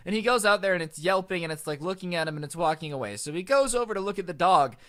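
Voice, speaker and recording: A man telling a story casually over gameplay, chatty and animated, with lots of fillers. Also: high-pitched, fast. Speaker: storytime narrator.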